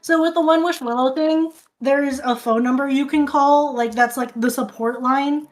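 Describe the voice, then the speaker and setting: A woman's voice: sits high, fairly even intonation, moderate pace. A woman streamer casually recapping a film, rambling, restarting sentences and swearing often.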